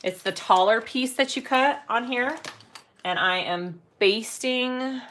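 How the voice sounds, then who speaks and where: A woman's voice: fairly high pitch, slow pace, fairly bright tone, a little hiss or hum. A middle-aged woman leading a live sewing tutorial. She explains steps as she works, chats casually and hums filler sounds while she sews. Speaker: sewing instructor and shop owner.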